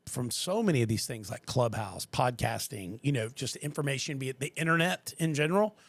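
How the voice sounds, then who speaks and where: A man's voice: mid-range voice, a little fast, no echo. A man who works at a car dealership, chatting casually on a podcast and telling stories with acted-out quotes. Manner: animated storyteller who acts out quotes.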